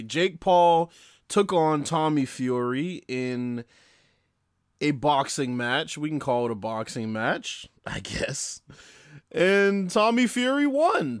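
A man's voice: medium pitch, clear, resonant tone, no echo, clean studio sound. A man in his late twenties hosting a sports podcast, talking casually, brash and profane, chatting straight to his listeners. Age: 20s. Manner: brash, profane and upbeat, addresses listeners directly. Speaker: podcast host.

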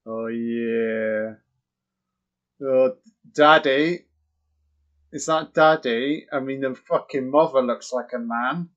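Slow, profane man riffing on a film. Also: mid-range voice. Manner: profane, excitable, mocking. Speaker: film commentator. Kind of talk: crude live movie commentary. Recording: dull lo-fi audio.

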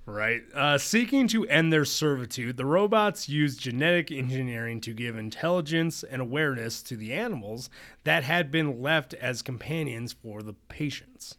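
A man's voice: mid-range voice, lively intonation, moderate pace, fairly bright tone. A young man co-hosting a casual chat, reading a comic summary aloud and laughing often between joking asides. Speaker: podcast co-host.

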